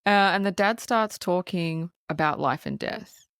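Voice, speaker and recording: A woman co-hosting a podcast, excitedly retelling film scenes with plenty of swearing. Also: fairly low pitch, measured pace, clear, resonant tone, no echo, studio quality. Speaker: podcast co-host. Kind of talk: casual film review chat.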